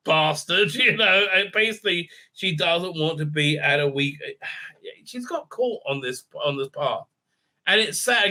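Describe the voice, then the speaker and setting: A middle-aged man recapping a TV episode in a rambling, casual monologue, full of filler sounds and restarts, dropping low then jumping up excitedly. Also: moderate pace. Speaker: TV show reviewer.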